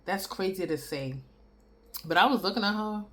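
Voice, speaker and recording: A woman vlogger telling a story to camera in a blunt, profane, animated way, chewing and laughing between lines. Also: medium pitch, normal speed. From New York City.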